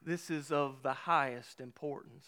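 Clear-voiced man preaching a sermon. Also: mid-range voice, sharp tone. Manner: emphatic preaching, slows down for weighty lines. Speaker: pastor.

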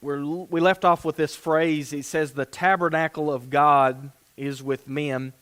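A man's voice: a little high, fairly even intonation, measured pace, a bit bright. A man preaching a sermon and reading scripture aloud, earnest and given to restarting phrases. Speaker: pastor.

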